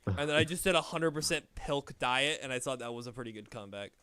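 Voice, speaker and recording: A young man streaming a game and chatting casually, rambling and swearing as he tells animated stories. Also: medium pitch, fast, clean tone. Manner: rambling, profane, animated storytelling. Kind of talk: casual gaming chat.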